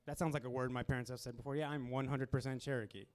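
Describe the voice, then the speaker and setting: Young male stand-up host, mid-pitched, casual club delivery with deadpan asides. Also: racing. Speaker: stand-up comedian hosting a comedy show. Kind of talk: stand-up comedy set. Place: small comedy club, live audience.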